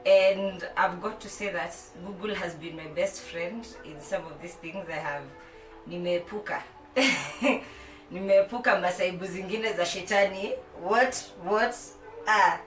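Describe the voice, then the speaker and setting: Speaking with a fairly low, fairly bright voice, a young woman with a Kenyan accent vlogs casually to camera at home. Her playful chat mixes English with Swahili and is full of laughter. The mic is distant, giving roomy sound, and street noise comes in from outside.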